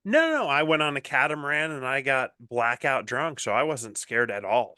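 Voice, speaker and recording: A man co-hosting a podcast, telling stories in a relaxed, self-mocking way. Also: medium pitch, normal speed, no echo, clean studio sound. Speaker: podcast co-host. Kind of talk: casual chat.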